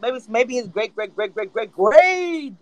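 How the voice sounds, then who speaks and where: Woman host, high voice, blunt and joking, casual live-stream chat. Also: animated, a little slow. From Louisiana.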